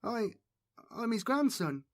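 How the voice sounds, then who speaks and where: A man voicing a frightened young boy in an audiobook, stammering and wailing in a much higher voice. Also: very animated, takes it slowly, no room sound, clean studio sound, heavily acted. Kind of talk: audiobook character reading.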